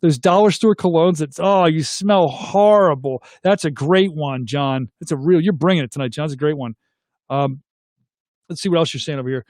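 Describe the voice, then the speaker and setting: A middle-aged man with a fairly high voice for a man hosts a casual live chat at normal speed, reading comments aloud and asking viewers to weigh in. His tone is a little mellow, and the sound is close, dry, and echo-free.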